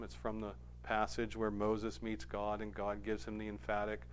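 A man preaching a sermon, swinging from quiet, low passages up to loud, emphatic stretches. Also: level tone, normal speed, slight background noise. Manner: rising to emphatic, forceful stretches, then dropping low and quiet.

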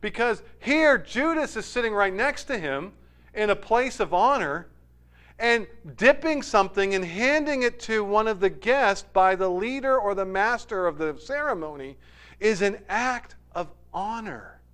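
A man preaching a sermon, retelling a scene dramatically, his voice rising for emphasis and sinking low and quiet. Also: expressive, a little slow, clean tone.

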